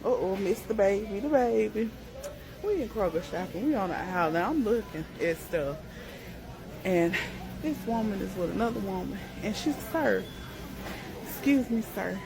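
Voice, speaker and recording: A woman's voice: medium pitch, lively intonation, moderate pace, music in the background, low-quality recording. A woman tells a storytime vlog from a grocery store aisle. She talks in an amused, sassy and chatty way, drawing her viewers into the tale.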